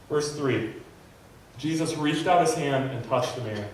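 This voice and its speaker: A man preaching a sermon in a church, teaching in an animated way and acting out a desperate plea. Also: medium pitch, measured pace, slight background noise. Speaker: pastor. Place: church sanctuary. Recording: very echoey hall, mic at a distance.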